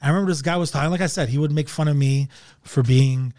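A high-pitched man from Montreal talks as a comedian guest on a podcast. He rambles through profane stories, full of fillers and restarts. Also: fast, darkish tone. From Montreal, Canada. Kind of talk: casual podcast chat.

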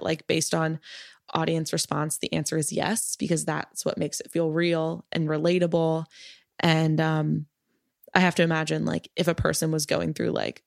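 A woman's voice: deep voice, creaky, no room sound, studio quality. A woman who makes a podcast, talking frankly and chattily in an interview, with lots of filler words. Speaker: podcast creator. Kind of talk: casual interview chat.

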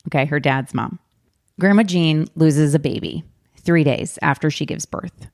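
Recorded in studio quality without echo, this woman has a low-pitched, expressive voice. She hosts a casual book-discussion podcast, chatting emphatically in quick bursts with drawn-out words.

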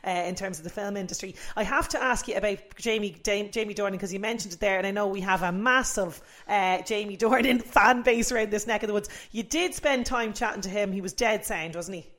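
A woman's voice: medium pitch, fairly quick, hardly any pauses, fairly bright tone. A woman hosting an interview, asking chatty questions with a few hesitant fillers. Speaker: interviewer host. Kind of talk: casual interview.

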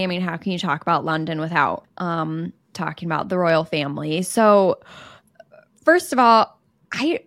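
A woman's voice: fairly low pitch, no room sound, studio quality. A young woman co-hosting a podcast, explaining her views at length in casual chat. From United States. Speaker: podcast co-host.

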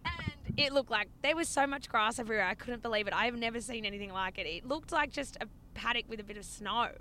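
A young woman, co-hosting a casual podcast chat, animated and swearing a lot as she laughs through a story. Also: on the high side, fast. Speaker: podcast co-host. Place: inside a car. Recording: car recording with road noise.

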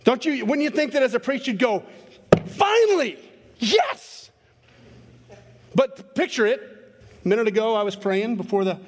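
A man preaching a sermon as pastor, animated and self-interrupting, jumping into sudden high bursts when acting out quotes. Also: fairly quick, long reverb tail, a little hiss or hum.

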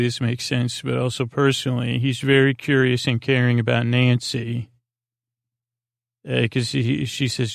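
A man hosting a sleep podcast, retelling an episode in a meandering, hesitant way with many pauses and restarts. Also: mid-range voice, vocal fry, no echo, studio quality. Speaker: podcast host.

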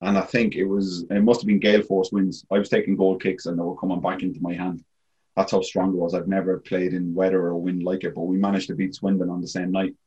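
A man's voice: low voice, level tone, quick pace, warm tone, dull audio. An Irish man, a former goalkeeper, telling stories as a guest in a casual, rambling way, full of "like, you know.". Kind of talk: casual storytelling.

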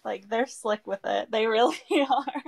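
A woman's voice: on the high side, measured pace, gravelly, a little mellow, slightly rough. A woman co-hosting a podcast in casual chat, talking freely and laughing often. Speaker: podcast co-host.

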